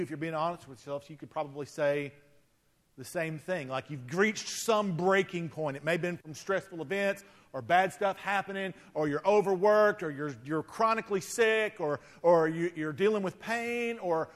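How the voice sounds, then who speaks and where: High-voiced male pastor, conversational sermon. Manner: conversational, repeats words when starting phrases.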